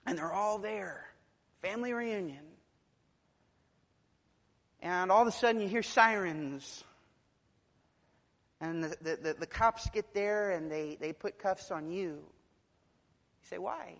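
A male preacher delivering a sermon to a congregation. His voice rises from near-whispers to forceful, climbing peaks of emphasis. The sound carries a long, reverberant hall tail around every phrase. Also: sits high, takes it slowly, pauses often. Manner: builds from hushed to loud and emphatic.

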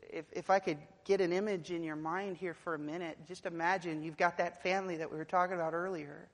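A male preacher with a high, steady voice speaks a little fast, rising from hushed tones to loud, emphatic climaxes in his sermon. A long hall reverb hangs around each phrase.

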